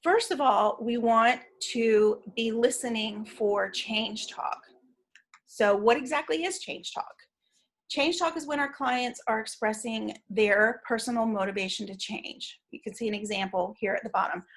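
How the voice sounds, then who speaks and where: A woman teaching an online training session, explaining in a measured way with frequent fillers and restarts. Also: on the high side.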